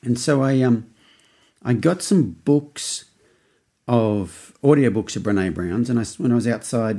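A man's voice: fairly low pitch, dark tone. An Australian man in his fifties, hosting a podcast and telling a rambling story in a casual way. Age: 50s. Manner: rambling, with many restarts and acted-out quotes. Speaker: podcast host.

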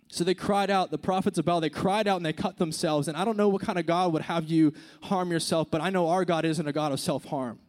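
High-voiced preacher, hushed then emphatic. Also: male voice, fast talker, few pauses. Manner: conversational, swings from hushed to emphatic. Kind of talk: sermon.

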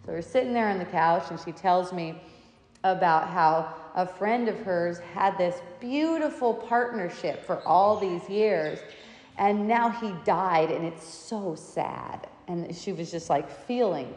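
A woman's voice: lowish voice, expressive, a little slow, darkish tone. A woman telling stories in a casual talk, meandering and often breaking into laughter. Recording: echoey room with long reverb.

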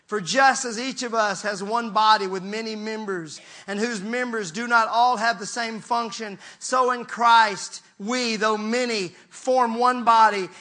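A man preaching a sermon as pastor, animated, swinging from soft asides to shouts and joking with the congregation, his throat a little strained. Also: sits high.

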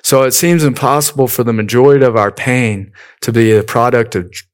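A man delivering a sermon in an easygoing, conversational manner. He mixes scripture points with personal anecdotes and frequently drops in "you know". His voice sits at an ordinary middle pitch for a man. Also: fairly quick, clear, resonant tone. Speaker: preacher.

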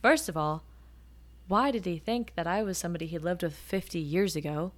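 A woman in her twenties hosting a podcast, telling stories in a casual, animated way and acting out the quotes. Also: lowish voice, brisk. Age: 20s. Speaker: podcast host. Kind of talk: casual storytelling.

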